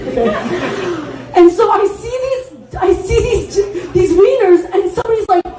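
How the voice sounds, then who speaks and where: A woman's voice: very high-pitched, a little slow, warm tone. A woman from the Midwest in her thirties doing a candid, rambling stand-up set at an open mic. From American Midwest. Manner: candid, rambling storytelling with many fillers. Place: bar stage at a live open mic. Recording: echoey live room.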